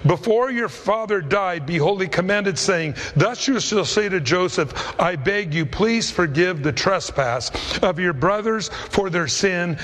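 A man's voice: high-pitched, expressive, unhurried, hardly any pauses, fairly bright tone. A middle-aged man preaching a sermon in a conversational, storytelling way. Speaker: pastor. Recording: long hall reverb.

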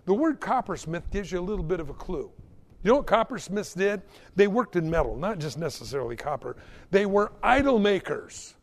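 A male preacher giving an animated, exhorting sermon in an echoey hall. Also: high-pitched, a little fast.

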